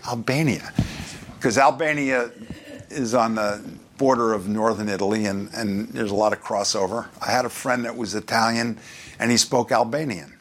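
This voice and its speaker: A pastor from New York with a New York accent, preaching in a conversational way with joking asides and scripture read aloud. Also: male voice, fairly low pitch, fairly even intonation, moderate pace, a bit bright, slight background noise. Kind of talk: sermon.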